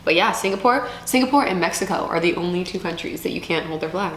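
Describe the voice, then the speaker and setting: Girl talking while she eats, lowish voice, kinda echoey room w faint hiss. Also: expressive, quick pace, fairly bright tone. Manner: talks between bites while eating. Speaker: co-host. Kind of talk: casual chat. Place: indoors.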